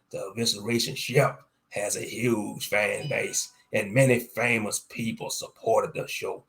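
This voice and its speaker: A man reading a story aloud as its narrator, in a plain, unhurried way. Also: on the low side, steady tone.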